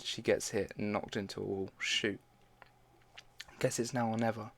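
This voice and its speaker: A man's voice: on the low side, level tone, moderate pace, creaky, fairly bright tone. A man casually reading fan fiction aloud, stumbling now and then and dropping in his own side comments.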